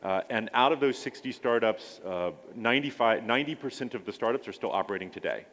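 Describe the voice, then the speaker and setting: A man pitching his startup accelerator at a conference, hesitant, with many filler sounds and restarts. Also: fast, a bit bright, a little hiss or hum.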